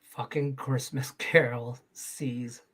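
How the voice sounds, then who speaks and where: A man's voice: mid-range voice, steady tone, takes it slowly. Joking sports betting host, a man. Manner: loose, joking, swears casually. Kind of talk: casual sports betting chat.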